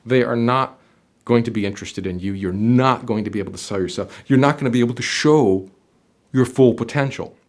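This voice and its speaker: A man's voice: mid-range voice, fairly quick. A middle-aged man coaching job seekers straight to camera, emphatic and motivational, speaking directly to the viewer.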